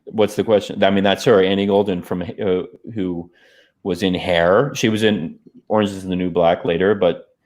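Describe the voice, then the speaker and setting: A man's voice: low voice, steady tone, normal speed, a little mellow. A man, a filmmaker, talking casually over his own film during a watch party, rambling with many fillers and restarts on a video call.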